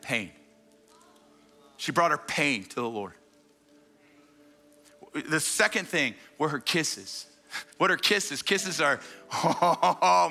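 A man preaches with a bright, forceful tone and tells his stories with energy, tripping over his words and starting again as he rushes on. Soft music plays quietly behind him in the church. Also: fairly high pitch. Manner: energetic storytelling, quick repeated restarts. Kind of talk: sermon. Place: church stage before a congregation.

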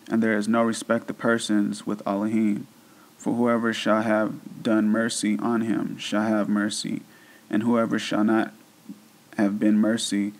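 Monotone man reading scripture. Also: fairly low pitch, low-quality recording. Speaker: scripture reader. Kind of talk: religious text reading.

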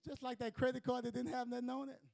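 High-voiced preaching pastor, a man. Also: monotone, fast talker, vocal fry, low-quality recording. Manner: emphatic preaching, swinging between shouts and hushed lines; conversational, colloquial asides to the congregation. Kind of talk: sermon.

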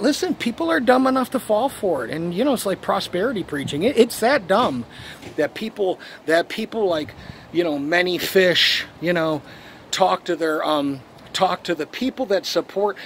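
A man's voice: a little high, a little hiss or hum. Rambling, swearing man with a raised voice. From Buffalo, New York, USA. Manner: profane, restless, repeats himself. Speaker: channel host. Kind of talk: rambling vlog rant.

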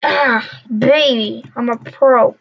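A young woman gamer rambles through casual gameplay commentary, mumbling to herself and trash-talking other players. Her voice is a little high, gravelly and slightly rough, slow and steady in tone, captured in a dull lo-fi recording.

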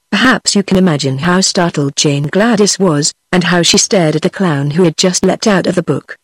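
A text-to-speech voice of a woman with a British accent, narrating a fairy-tale audiobook in an even, steady way. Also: fairly low pitch, a little fast, few pauses, slightly rough, no echo.

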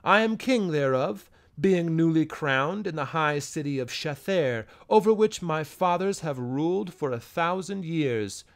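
A man voicing a bewildered young goatherd who thinks he is a king, with soft, courtly speech. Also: fairly high pitch, expressive, unhurried, hardly any pauses. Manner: courtly, soft-spoken, perplexed. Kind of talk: audiobook character voice.

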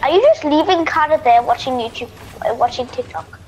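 Woman gamer with a high, bright-pitched voice, excitedly bossing a teammate around over noisy game sound. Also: fairly quick. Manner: excited, bossy calls to a teammate. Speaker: gamer playing with a friend. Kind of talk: casual gameplay chat.

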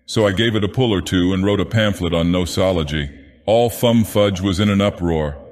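A man voicing an ancient godlike male villain who narrates a storybook tale with a slow, grand, theatrical delivery. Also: low voice, darkish tone, natural voice. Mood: grandiose. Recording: long cavernous reverb.

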